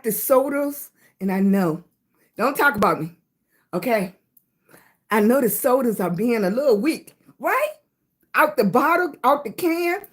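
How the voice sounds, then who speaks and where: A woman with a Southern US accent hosting a casual livestream chat, greeting viewers by name on her phone. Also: high voice. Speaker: livestream host.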